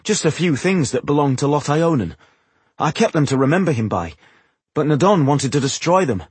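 A man's voice: on the high side, animated, moderate pace, darkish tone, slightly rough, no echo, voice pushed up. A man doing a cautious young dwarf. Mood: evasive. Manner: hesitant, evasive.

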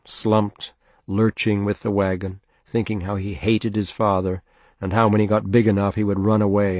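A man narrating a novel in a steady, measured audiobook reading. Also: on the low side, dry recording.

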